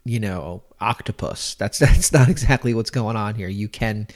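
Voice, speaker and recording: A man's voice: fairly low pitch, normal speed. A man hosting a casual chat, easygoing and chuckling as he recommends spots. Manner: easygoing, chuckling, restarts phrases. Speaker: host.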